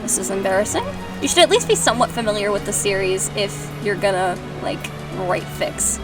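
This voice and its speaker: Reading a fan story aloud for laughs, a young host tears into it with sarcastic, sweary commentary. She sounds animated, medium in pitch and a little quick. Music plays in the background, and the mic sits at a distance.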